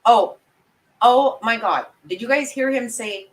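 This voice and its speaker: A woman's voice: on the high side, unhurried, poor audio. A woman ranting on a livestream, her speech blunt and full of swearing. She talks straight to her viewers, emphatic and worked up. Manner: angry, profane, emphatic ranting; talks to viewers and apologizes for the outbursts. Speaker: true crime commentator. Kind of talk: livestream reaction commentary.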